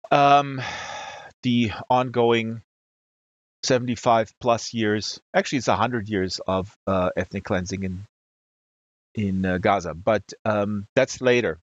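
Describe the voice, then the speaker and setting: A man's voice: fairly low pitch, no echo, muffled recording. A man from Germany, hosting a livestream and telling a long story to his chat, with lots of fillers and restarts. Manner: rambling, many fillers and restarts. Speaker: livestream host. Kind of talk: casual storytelling to a live chat.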